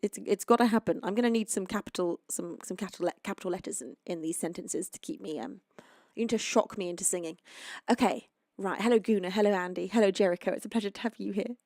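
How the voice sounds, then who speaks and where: Chatty, tired UK singer streaming live. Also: female voice, medium pitch, fast, dry recording, studio quality. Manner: chatty, rambling, greets viewers warmly. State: tired and sleepy. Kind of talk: casual chat with live chat.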